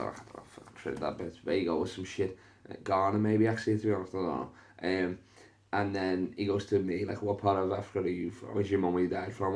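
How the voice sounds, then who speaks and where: A young man with a Liverpool accent, a comedian and podcast host telling casual stories with lots of swearing and acted-out voices. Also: sits low. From Liverpool, England. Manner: animated, swears a lot, acts out voices in his stories. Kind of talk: casual storytelling chat.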